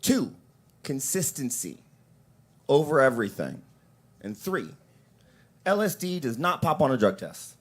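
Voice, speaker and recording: A young man doing a crude, rambling stand-up set at an open mic in a coffee shop, breaking into shouted impressions now and then. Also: a little high, very animated, normal speed, breathy edge.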